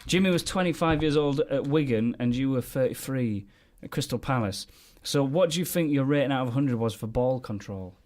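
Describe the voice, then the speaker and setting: A man's voice: medium pitch, lively intonation, brisk, hardly any pauses, darkish tone. A man hosting a podcast, running a quiz and teasing his co-hosts. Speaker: podcast host.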